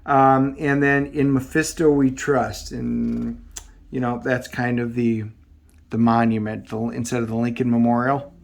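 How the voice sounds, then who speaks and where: A man hosting a casual comic book review, with a voice in the middle of the usual range. He walks through the plot and reads the characters' lines aloud in a loose, halting way. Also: mid-range voice, flat delivery, creaky. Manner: recaps the story and reads panel dialogue aloud in a loose, halting way.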